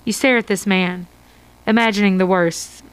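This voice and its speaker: A woman's voice: mid-range voice, normal speed, clean tone, rough recording. Woman reading a radio adventure story. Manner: steady read-aloud storytelling. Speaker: narrator. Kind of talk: interactive radio story narration.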